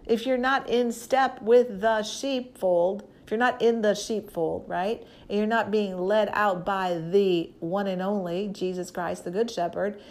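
A woman's voice: medium pitch, fairly even intonation, a little slow, hardly any pauses, a little mellow. A woman preacher with an ordinary mid-range voice teaching from the Bible in a loose, conversational way. She talks straight to her listeners and presses her points with emphasis, leaning in on what she repeats. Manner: emphatic, direct address to listeners.

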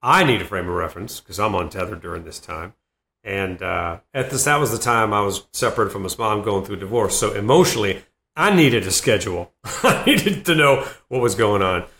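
A man's voice: lowish voice, animated, brisk, vocal fry, pushed and bright. A middle-aged man from Boston, a comedian guest telling rambling stories in a casual podcast interview. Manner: rambling anecdotal storytelling. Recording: roomy echo.

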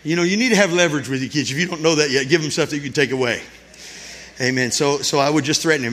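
A middle-aged male pastor, preaching a sermon, rousing the church to shout amen and then telling folksy family stories. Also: fairly high pitch, fast talker. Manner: exhorting, calls for shouts and amens; folksy storytelling with his congregation.

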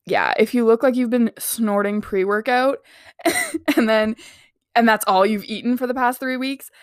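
Young woman, podcast host, fairly high voice, chatty, sarcastic, giggly, dry close mic. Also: unhurried, clear, resonant tone, dry recording. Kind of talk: casual solo podcast chat.

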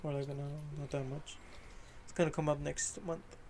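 A man's voice: on the high side, level tone, normal speed, noisy background. Swearing, laid-back young man. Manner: laid-back, swears freely, laughs often. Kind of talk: casual chat.

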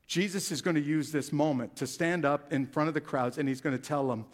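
Male pastor, animated sermon delivery, slightly raised pitch. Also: brisk. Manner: animated preaching, swelling louder on key phrases.

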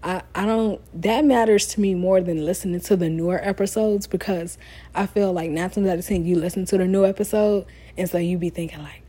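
This solo advice podcast is hosted by a young woman whose voice is on the low side, husky, and fairly quick. It's late at night and she's tired, but she stays sassy and conversational, full of animated asides.

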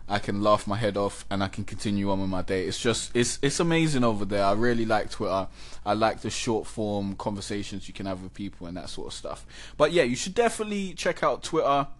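A man hosting a casual podcast, talking in an animated, chatty way and laughing often. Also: on the low side, fairly quick. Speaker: podcast host.

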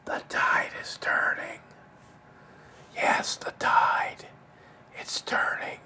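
A man putting on a creepy old male politician's voice in a breathy whisper, as whispered role-play. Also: drawn-out words, sharp tone, exaggerated voice.

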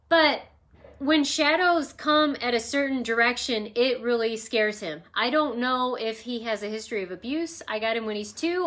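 At home with her dog nearby, a woman hosts an emotional wellness talk, teaching in a rambling, reflective, conversational way and sharing personal stories. Her voice is on the high side, pushed and bright.

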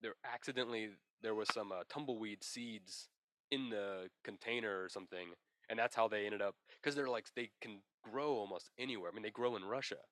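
A man's voice: on the low side, brisk, a bit bright. A man co-hosting a casual comedy podcast, rambling and spinning absurd tall tales with a straight face. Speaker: podcast co-host.

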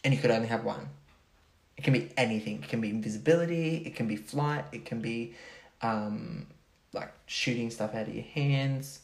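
A man's voice: mid-range voice, moderate pace, creaky. A young man co-hosting a podcast in casual chat, joking and swearing freely. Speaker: podcast co-host. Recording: roomy echo.

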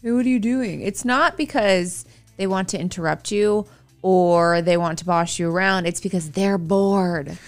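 A woman's voice: fairly low pitch, moderate pace. A middle-aged woman co-hosting a radio show, chatting casually with dry, teasing remarks. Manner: wry, teasing asides. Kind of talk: casual chat.

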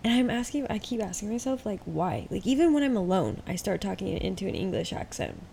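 A woman's voice: mid-range voice, very animated, a little fast, gravelly, dark tone, slight background noise. Laid-back rambling woman podcast host. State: high and a bit tired. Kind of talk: relaxed casual chat.

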